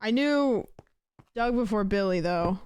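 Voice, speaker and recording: A young woman streaming a game, reading chat questions in a croaky, sleepy-sounding, tired voice, rambling and sarcastic with plenty of swearing. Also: mid-range voice, expressive, a little slow, darkish tone, slight background noise. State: tired voice, talking quietly.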